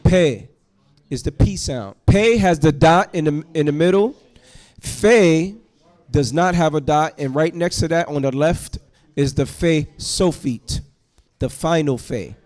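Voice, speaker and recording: A man teaching a Hebrew class to students in a classroom, going through the alphabet letter by letter in a slow, patient way. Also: a little high, a little mellow.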